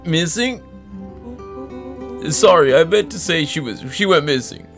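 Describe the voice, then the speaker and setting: A man's voice: fairly high pitch, expressive, unhurried, a bit bright, soft background music. A man hosting a casual let's-play stream, upbeat and explaining the controls. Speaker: streamer host.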